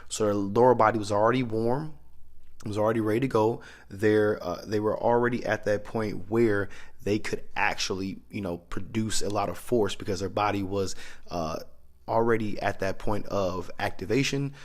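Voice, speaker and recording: A man's voice: lowish voice, fairly even intonation, moderate pace. A man talking as a strength coach, explaining training methods in a loose, conversational way. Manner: conversational, loose, with restarts and asides. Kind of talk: casual instructional talk.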